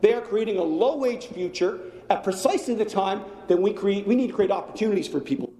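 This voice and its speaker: A man's voice: sits high, fast, mellow. A male politician giving an indignant, repetitive rhetorical speech in legislative debate. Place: legislative chamber. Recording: echoey chamber with long reverb.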